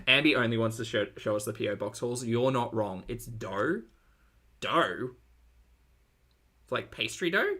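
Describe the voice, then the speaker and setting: Australian male reactor with a bright tone; dry, sarcastic, chatty. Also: mid-range voice, lively intonation, measured pace, pauses often. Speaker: reaction commentator. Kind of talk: reaction commentary.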